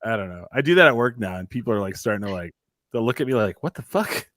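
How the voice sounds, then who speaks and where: On a video-call chat show, a male host with a lowish voice talks quickly; there's no room sound. He spins lively stories, curses without restraint, and performs the lines of people he quotes.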